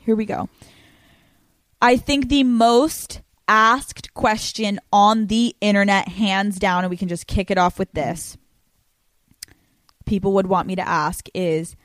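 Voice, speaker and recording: A young woman in her twenties hosting a podcast, telling stories quickly and casually with plenty of swearing. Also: medium pitch, no echo. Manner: fast, profane, animated storytelling. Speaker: podcast host. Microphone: studio microphone.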